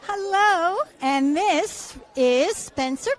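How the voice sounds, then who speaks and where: High-pitched lady doing chatty red carpet interviews, friendly and encouraging. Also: expressive, drawn-out words, some chatter behind. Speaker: event interviewer. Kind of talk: casual red-carpet chat.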